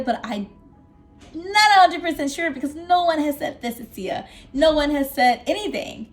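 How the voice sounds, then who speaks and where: A young woman at her desk telling an excited storytime vlog, animated and exclamatory, breaking into laughs and squeals. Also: high-pitched, moderate pace, faint music behind.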